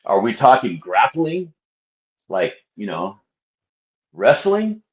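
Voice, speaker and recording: A man's voice: mid-range voice, wildly swooping pitch, slow pace, highs cut off. A man commenting casually to camera, hammering points with repeated rhetorical questions and a mock-preacher tone toward his viewers. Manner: emphatic, repetitive, rhetorical questions, frequent "right?". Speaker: channel host discussing a book.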